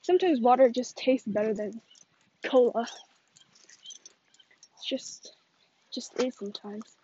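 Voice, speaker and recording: High-voiced young woman rambling on a walk. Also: measured pace, warm tone, dull audio, slight background noise. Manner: rambling, gossipy, filler-heavy. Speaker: vlogger. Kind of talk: casual fake phone chat while walking. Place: outdoors on a neighborhood walk with a dog. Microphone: phone held while walking.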